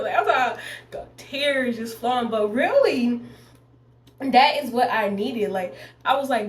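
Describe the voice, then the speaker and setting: A woman's voice: on the high side, expressive, moderate pace. A young woman in her twenties chatting to viewers while doing her makeup, rambling and addressing them as y'all. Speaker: beauty vlogger. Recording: echoey room with faint noise.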